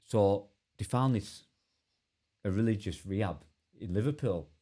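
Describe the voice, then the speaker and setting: A man telling his own story as a podcast guest, earnest and halting with many restarts. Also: lowish voice, dark tone. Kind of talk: candid personal storytelling.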